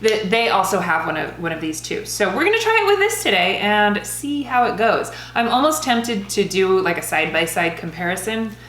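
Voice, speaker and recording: A woman's voice: mid-range voice, big pitch swings, normal speed, few pauses, a bit bright, reverberant. A woman making and reviewing cocktails in a casual vlog, chatting and thinking aloud as she mixes. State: out of breath after shaking.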